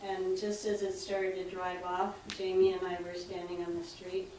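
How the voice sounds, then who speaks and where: A woman at a seminar shares a personal story in a soft, hesitant, reflective way. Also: lowish voice, level tone, normal speed, very echoey, far from the mic, a little hiss or hum, rough recording. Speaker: seminar participant. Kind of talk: personal sharing.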